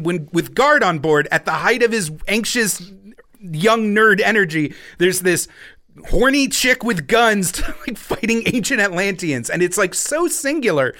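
A man co-hosting a podcast in casual chat, animated, profane and jokey. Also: sits high. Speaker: podcast co-host.

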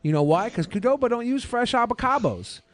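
A man's voice: very high-pitched, moderate pace, no echo. A man co-hosting a podcast, arguing heatedly in casual banter, swearing freely. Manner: animated, heated, profane. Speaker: podcast co-host.

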